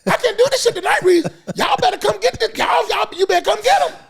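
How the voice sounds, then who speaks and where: A man imitating an exasperated male limo driver in a loud, high, whiny voice. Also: fast, vocal fry. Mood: exasperated shouting.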